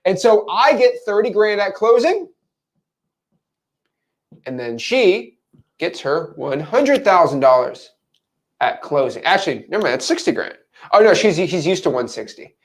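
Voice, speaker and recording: A man's voice: sits high, unhurried, long pauses. A man coaching viewers on real estate wholesaling in a casual teaching monologue, acting out example phone calls. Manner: animated, acts out scenes.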